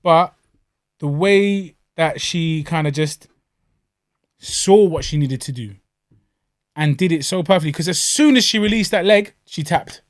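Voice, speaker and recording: A man co-hosting a podcast, bantering about fights in slangy, animated talk. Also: a little high, unhurried, dry recording, studio quality. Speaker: podcast co-host.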